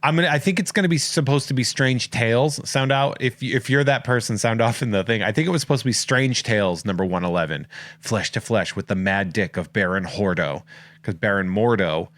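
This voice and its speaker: A man's voice: fairly low pitch, a little fast, a bit bright. An American man hosting a podcast, rambling and joking at his own expense in casual chat. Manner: jokey, rambling, self-mocking. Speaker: podcast host.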